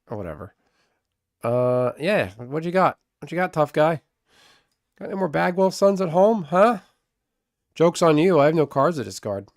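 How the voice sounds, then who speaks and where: A man's voice: mid-range voice, dry recording, clean studio sound. A man streaming live gameplay commentary, muttering to himself and trash-talking his opponent.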